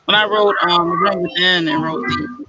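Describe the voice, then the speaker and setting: A man's voice: sits high, steady tone, moderate pace, loud music behind the voice, low-quality recording. A man hosting a casual chat among writers on a video call, retelling a story in a rambling way full of "like". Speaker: host of a writing session.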